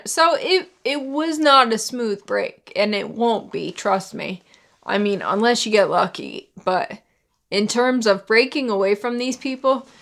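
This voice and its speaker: A woman's voice: mid-range voice, gravelly, fairly bright tone. A young woman talking candidly to camera in a personal vlog, with lots of fillers and sarcastic asides. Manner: candid, frequent "like" and "you know", sarcastic asides. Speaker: vlogger.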